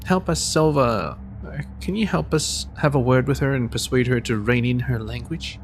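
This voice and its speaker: A man's voice: mid-range voice, moderate pace, slight background noise. A man casually commenting on a story game, reading dialogue aloud, joking and restarting his sentences. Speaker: gamer playing through a story game.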